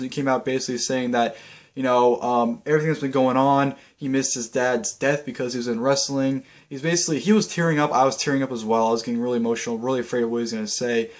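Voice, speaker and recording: Fast-talking young man rambling excitedly. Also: mid-range voice. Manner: rambling, filler-heavy, excitable. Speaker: vlogger. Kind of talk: casual wrestling recap.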